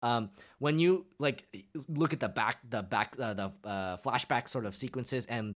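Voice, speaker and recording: A podcast co-host in casual chat, retelling scenes excitedly with lots of fillers and restarts. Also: medium pitch, measured pace.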